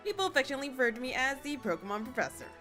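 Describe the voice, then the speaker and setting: A woman's voice: high-pitched, very animated, racing, over music. A woman doing a kindly old professor. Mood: friendly. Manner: reading game dialogue aloud in a put-on old man voice.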